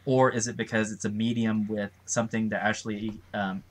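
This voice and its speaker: A man's voice: on the low side, little pitch movement, a little fast. A man co-hosting a casual podcast chat, who laughs often and drifts into lecturing asides. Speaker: co-host.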